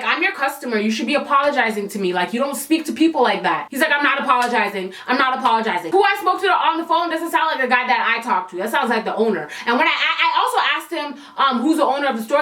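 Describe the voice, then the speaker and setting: A woman's voice: sits high, fairly bright tone. Sassy young woman telling a story. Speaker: vlogger. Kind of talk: storytime vlog. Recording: echoey room.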